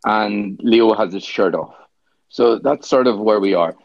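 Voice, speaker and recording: A man with a Northern Irish accent chatting on a podcast, joking in a sardonic, deadpan way. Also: on the low side, unhurried, creaky, dry recording. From Northern Ireland. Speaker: podcast host. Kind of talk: casual chat. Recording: dry, slightly dull sound.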